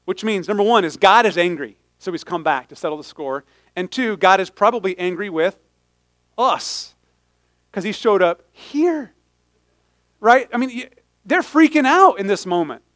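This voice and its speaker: A man preaching a sermon in an animated, humorous way, often stopping and restarting his sentences. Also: sits high, normal speed, no room sound. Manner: animated, humorous, self-interrupting. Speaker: pastor.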